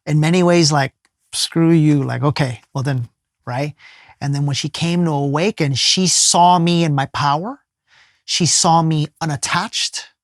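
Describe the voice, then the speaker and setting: A man, a life coach appearing as a podcast guest, telling a personal story in an earnest, emphatic way and sometimes dropping to a soft hush. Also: fairly high pitch, a little slow, no echo, studio quality. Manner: casual speech with many fillers and restarts.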